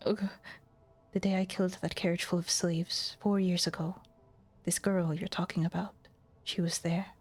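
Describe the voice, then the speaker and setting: A woman's voice: on the low side, flat delivery, moderate pace, natural voice. A woman voicing a cold, proud lord. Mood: grim. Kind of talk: visual novel voice-through.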